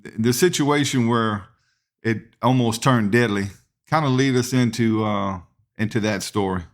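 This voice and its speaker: A man hosts a podcast interview and steers it with casual, conversational questions. His voice sits at an ordinary pitch for a man. He talks plainly and informally. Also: measured pace. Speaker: podcast host.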